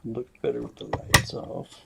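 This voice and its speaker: A man running a live-stream giveaway in casual chat, murmuring asides and breaking into bursts of excitement at results. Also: a little slow, very noisy.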